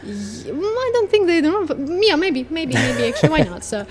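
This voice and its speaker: Young woman, Ukrainian accent, podcast guest, slightly high voice, chatty and animated. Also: quick pace. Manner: chatty, animated, searching for words. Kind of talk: casual conversation.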